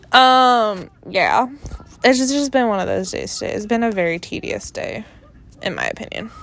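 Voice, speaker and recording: A woman's voice: mid-range voice, lively intonation, unhurried, creaky, long pauses, a bit bright, a little hiss or hum. A young woman hosting her own podcast in casual chat, rambling and giggly, often trailing off into mumbles. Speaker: podcast host.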